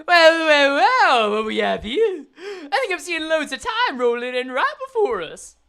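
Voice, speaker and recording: A woman voicing a rough male street thug, swaggering in a put-on British accent, in a game story read aloud. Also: high-pitched, very animated, measured pace, fairly bright tone, voice pushed up, heavily acted. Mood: menacing.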